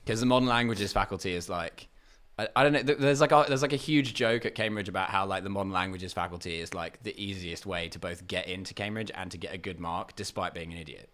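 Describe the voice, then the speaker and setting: A man's voice: low-pitched, quick pace, fairly bright tone. A young man from England with an Essex accent, a guest comedian chatting casually on a podcast, rambling with lots of fillers and laughing asides. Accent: Essex English.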